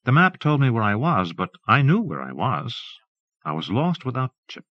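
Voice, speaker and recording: A man narrating a literary audiobook in a measured, even reading. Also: medium pitch, dry recording. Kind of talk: scripted narration. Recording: dull dry tape recording.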